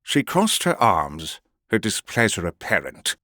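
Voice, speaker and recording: A man's voice: lowish voice, wildly swooping pitch, measured pace, bright, forceful tone, no room sound, studio quality. A man narrating a first-person audiobook with a menacing, gloating delivery.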